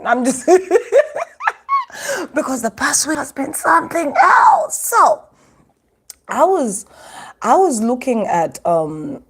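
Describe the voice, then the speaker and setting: A woman's voice: medium pitch, a little mellow. A woman from Uganda hosting a casual live stream from her phone, chatting to viewers and laughing often. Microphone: phone microphone.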